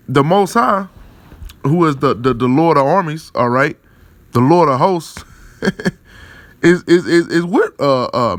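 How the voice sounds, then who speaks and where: A man's voice: medium pitch, fairly bright tone, no room sound. A man giving rambling, profane religious commentary on news articles, often chuckling and repeating fillers and tag questions. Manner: chuckles often while talking.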